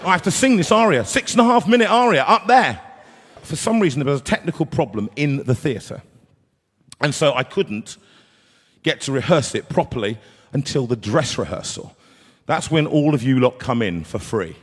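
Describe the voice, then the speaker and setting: A man, an opera singer telling a comic story live, animated and acting out characters. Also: fairly high pitch, normal speed, husky. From England. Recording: long hall reverb.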